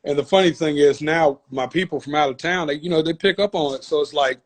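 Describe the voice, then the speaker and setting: A man with a Southern accent, a guest chatting casually in an interview, laid-back and quick to laugh. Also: fairly high pitch. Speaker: guest rapper.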